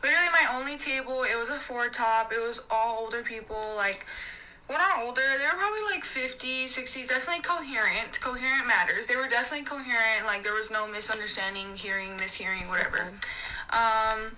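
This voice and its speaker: A young woman working as a server, telling a ranting story in an animated way, full of fillers and swearing. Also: on the high side, brisk, slight background noise, poor audio. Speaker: restaurant server.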